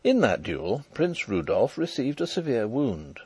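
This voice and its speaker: A man narrating a classic novel as an audiobook, wry and expressive in his storytelling. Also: medium pitch, measured pace, breathy edge, no room sound. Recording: dry close recording.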